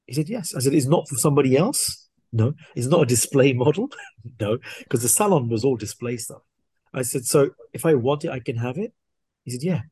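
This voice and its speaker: Man, husky voice, dry close sound, animated casual storyteller, podcast guest. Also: mid-range voice, brisk, no echo. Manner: animated, acts out dialogue. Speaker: guest watch collector.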